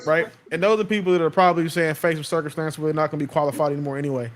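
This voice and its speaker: Brief: man, host, quick and a little high, lectures with confidence. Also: steady tone, a little hiss or hum. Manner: assertive, lecturing. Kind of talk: casual chat.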